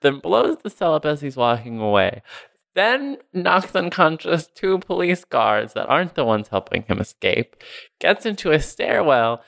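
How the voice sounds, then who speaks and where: A man's voice: a little high, big pitch swings, unhurried, gravelly, a bit bright, no echo. A man co-hosting a podcast, casually recapping a movie with a sarcastic, rambling manner and frequent laughs. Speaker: podcast co-host.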